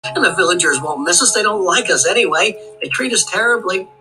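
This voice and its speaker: A man's voice: sits high, lively intonation, fairly quick, bright, forceful tone, faint music behind, pitched above the performer's own voice, heavily acted, rough recording. A storyteller voicing an eager young village boy, raising his voice to plead. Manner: pleading and raised.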